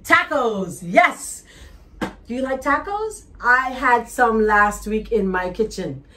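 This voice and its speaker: A woman's voice: on the high side, expressive, slow pace, sharp tone, a little hiss or hum. A Bahamian woman hosting a cooking show from her kitchen, chatting in a bubbly, teasing way. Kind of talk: lively cooking show chat. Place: home kitchen.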